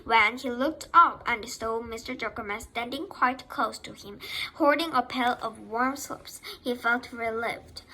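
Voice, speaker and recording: A woman's voice: on the high side, pushed and bright, rough recording. A woman reading a children's novel aloud, with slips that she corrects as she goes. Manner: reads slowly with slips and self-corrections. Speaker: reader.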